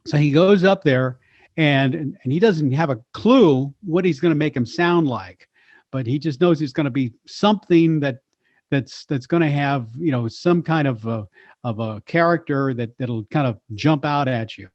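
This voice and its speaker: Brief: male voice actor, somewhat high voice, lively storyteller, dry close sound, slightly dull lo-fi. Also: normal speed, dry recording. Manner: animated storyteller, slips into voices. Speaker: voice actor and impressionist, guest. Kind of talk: storytelling chat.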